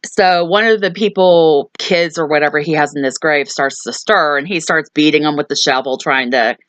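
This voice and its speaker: A woman with a low-pitched voice talks through a film's plot in a loose, chatty way, full of "um" and "like". Her voice sounds dry and close, with no room around it. She hosts a movie review channel. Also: normal speed, fairly bright tone, no echo. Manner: chatty, lots of fillers and asides. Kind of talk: casual movie recap.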